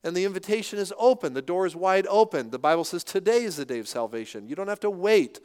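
A middle-aged man delivers a sermon with an animated, conversational manner, often poking fun at himself. His voice sits fairly high and sounds smooth and clear. The recording carries a long reverberant tail from a large church hall. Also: fast talker. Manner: animated, conversational, self-deprecating humor. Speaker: pastor.

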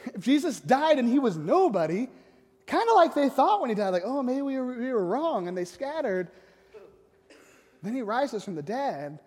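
A man with an extremely high, darkish voice and big pitch swings speaks at a moderate pace. A youth pastor, he tells a story in a casual, conversational sermon, often tagging lines with "right?", amid long echoing hall reverb.

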